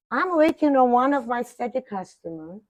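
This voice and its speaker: An older woman telling a personal story in animated fashion, acting out other people's voices, with non-native grammar. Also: on the high side, no room sound, lo-fi sound. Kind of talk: animated anecdote.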